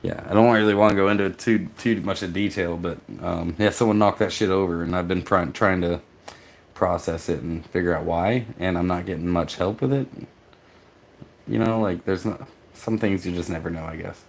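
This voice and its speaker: A man from Texas, a vlogger, reading his chat aloud and answering in a rambling, halting way, tired from poor sleep. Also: low voice, steady tone, gravelly, a little hiss or hum. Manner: rambling, halting, with restarts and laughs. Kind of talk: casual live-stream chat.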